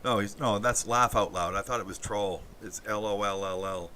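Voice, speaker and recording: A man from Canada, hosting a casual livestream and talking in a halting, rambling way as he answers chat comments aloud. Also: on the low side, bright, forceful tone, slight background noise. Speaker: livestream host reading chat.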